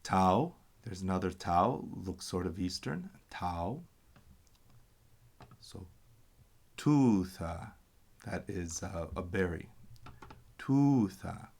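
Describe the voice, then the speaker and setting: Man, teacher, low voice, slow delivery, patient step-by-step explanations. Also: animated, vocal fry, a little mellow, breathy edge. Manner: patient, stops to explain and correct himself. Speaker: language teacher. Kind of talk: slow explanatory reading lesson.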